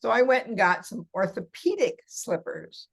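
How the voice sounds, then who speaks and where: A woman's voice: a little high, very animated, normal speed, gravelly, husky. An older woman talking as a podcast guest about massage work for seniors, chatty and laughing often as she tells stories. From California. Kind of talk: casual interview chat.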